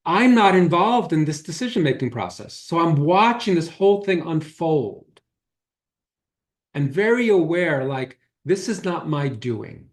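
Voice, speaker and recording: A man with a rather high voice, lively intonation and a slightly slow pace gives a spiritual talk as a holistic healer. He tells personal stories casually and conversationally, acting out quoted dialogue, and the recording has a roomy echo.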